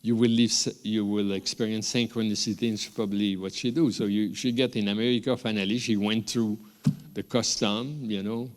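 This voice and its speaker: A man with a French accent addresses a graduation crowd, his fairly low voice ringing out in a large hall with long reverb. He talks in loose, wandering sentences, restarting words often and chuckling at his own asides. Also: steady tone, normal speed. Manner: rambling, warm asides, frequent restarts and chuckles. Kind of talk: unscripted ceremony speech.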